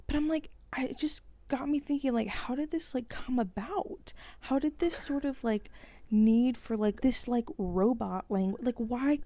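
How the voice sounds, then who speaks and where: A young woman vents in a casual vlog, trailing into rhetorical questions and filler words. Her voice sits a little high yet mellow and relaxed. The sound is dry and close, with no room behind it. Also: no room sound. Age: young adult. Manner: rambling, frequent "like", exasperated rhetorical questions. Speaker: vlogger. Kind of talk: casual vent to camera.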